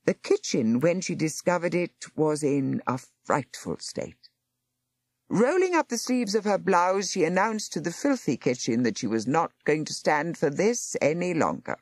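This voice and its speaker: A woman narrating a story aloud in an expressive storytelling manner. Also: deep voice, unhurried, breathy edge, no echo, clean studio sound. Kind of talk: audiobook narration.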